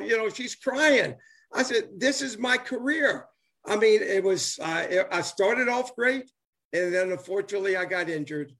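This older man speaks with a lilt, and his voice sits higher than most men's. His casual chat rambles with enthusiasm, stumbling over fillers and restarts as he chases his point. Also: lively intonation, normal speed, fairly bright tone. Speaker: former ballplayer and author. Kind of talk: casual chat on a live stream.

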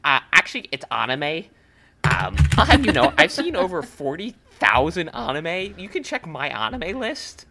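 A man's voice: on the high side, big pitch swings, normal speed, a loud crowd, voice pushed up. A man voicing a smug, nerdy young online commenter who talks in a pedantic, know-it-all way.

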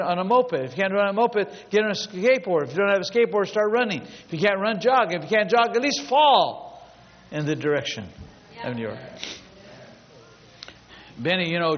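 Male pastor, fairly high voice, emphatic storytelling preacher; dull lo-fi recording with long hall reverb. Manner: emphatic, builds long repetitive lists. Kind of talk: storytelling sermon.

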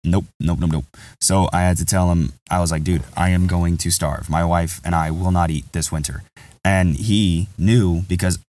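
A man's voice: deep voice, fairly even intonation, moderate pace, darkish tone, far from the mic. A man hosting a podcast, telling a candid, rambling story in casual chat. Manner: rambling, candid, says "bro" a lot. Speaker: podcast host.

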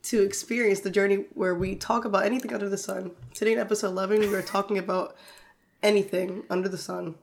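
A woman's voice: medium pitch, fairly even intonation, fast talker, gravelly, a little hiss or hum. A woman hosting a casual podcast among friends on a remote call, loose and joking, laughing often and swearing casually. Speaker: podcast host.

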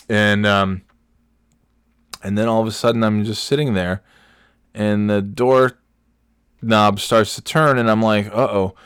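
A man hosting a podcast, telling a rambling story with exasperation, his voice jumping high when he rants. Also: fairly even intonation, a little slow, pauses often, a bit bright, clean tone, no echo, clean studio sound. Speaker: podcast host. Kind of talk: casual storytelling monologue.

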